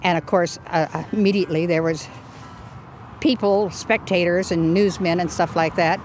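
A woman's voice: lowish voice, steady tone, normal speed, a little mellow, soft background music. An older woman, a property owner, telling her story in a feisty, indignant way. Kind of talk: storytelling interview.

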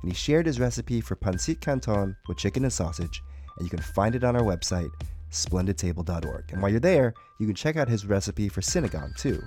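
A male radio host with a slightly low voice talks casually and eagerly about food as a dish comes together. He is in a kitchen, with faint music somewhere behind him. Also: lively intonation, brisk, warm tone. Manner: chatty and enthusiastic about food. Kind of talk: casual cooking chat. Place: kitchen indoors.

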